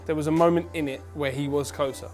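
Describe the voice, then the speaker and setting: Playful quiz host, high-pitched, teasing. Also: male voice, fairly even intonation, quick pace, over music. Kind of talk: casual comedy quiz hosting.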